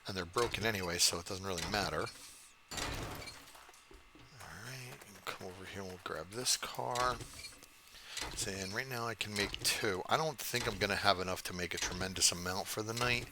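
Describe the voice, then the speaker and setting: A man's voice: low-pitched, normal speed, noisy background. A man in his fifties giving rambling, profane, self-mocking commentary while playing a video game. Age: 50s. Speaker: gaming channel host. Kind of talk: casual let's-play commentary.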